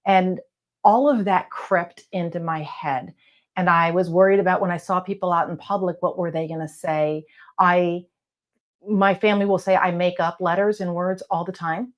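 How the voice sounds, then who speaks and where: A woman talking casually to camera from her office as a coach, blunt and encouraging, with some letters not said crisply. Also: fairly low pitch, fairly even intonation, normal speed, lo-fi sound. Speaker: real estate video coach. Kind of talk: casual advice talk to camera. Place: home office lit by lamps.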